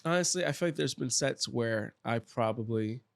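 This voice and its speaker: A woman hosting a casual chat, reacting with quick interjections. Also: extremely low pitch, gravelly, no room sound.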